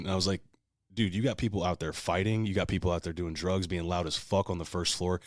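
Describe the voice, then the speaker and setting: A man's voice: sits low, fairly even intonation, brisk, dry recording, studio quality. A man co-hosting a podcast, telling a long story in casual, profane, heated talk. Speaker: podcast co-host.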